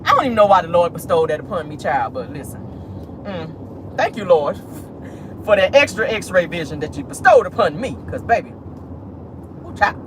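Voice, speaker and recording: A woman's voice: on the low side, very animated, moderate pace, pauses often, background noise. A woman talking straight to her viewers in a sassy, petty vlog commentary, calling them "honey" and "y'all". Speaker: YouTube commentary host. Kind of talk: casual commentary vlog from a car. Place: parked car.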